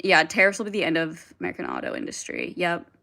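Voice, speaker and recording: A young woman chats on a livestream in a bright, sharp voice. She rambles loosely, leans on "like" constantly and swears freely as she answers comments from her viewers. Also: low-pitched, huge pitch swings, fast, creaky. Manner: rambling, heavy filler "like", frequent swearing, reads and answers chat. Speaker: livestream host. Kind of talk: casual livestream chat.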